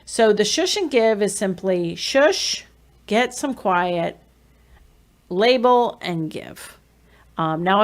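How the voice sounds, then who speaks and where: A woman podcast host and behavior analyst, talking conversationally with fillers and self-corrections as she explains strategies for parents. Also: medium pitch. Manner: acts out parent-child exchanges with soft shushing.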